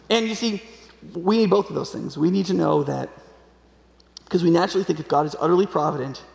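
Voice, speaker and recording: A man's voice: creaky, darkish tone. A man in his forties preaching a conversational sermon, often checking in with "right?" and acting out quoted voices. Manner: conversational, keeps asking "right?"; acts out quoted voices with sudden pitch jumps. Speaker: pastor. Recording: echoey hall with long reverb.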